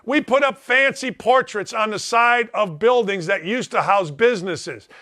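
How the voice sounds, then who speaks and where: Blunt, riled-up sports talk host. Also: male voice, sits high, moderate pace, bright, forceful tone. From Indianapolis, United States. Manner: blunt, riled-up, folksy slang. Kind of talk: opinionated sports radio monologue.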